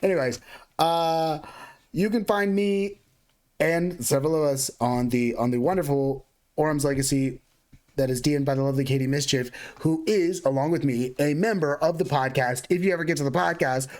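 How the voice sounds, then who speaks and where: Stream host, male, slightly higher voice, loose rambling plugs, casual swearing. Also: moderate pace, a little mellow.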